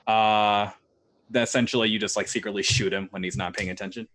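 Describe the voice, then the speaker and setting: A man's voice: lowish voice, fairly even intonation, a little fast, fairly bright tone. A man playing in a tabletop game, planning his moves aloud in casual chat. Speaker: player.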